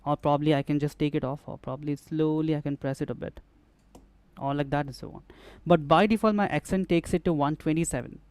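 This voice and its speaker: A man's voice: fairly high pitch, fairly even intonation, fairly quick, darkish tone, smooth. A man demonstrating music production gear in a tutorial, explaining step by step and often repeating phrases as he works. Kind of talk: hands-on software tutorial.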